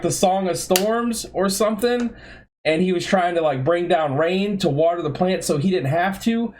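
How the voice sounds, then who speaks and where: A man on a podcast telling a funny story about an old job in a casual, animated way, acting out the quotes. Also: sits high. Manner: animated, laughing, acts out quotes. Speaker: podcast co-host.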